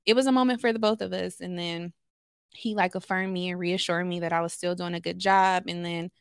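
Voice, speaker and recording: Woman, lowish voice, smooth and clear, dry close sound, candid podcast guest, therapist. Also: steady tone, a little fast, no echo. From Los Angeles, USA. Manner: candid storytelling, many fillers. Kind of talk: podcast conversation.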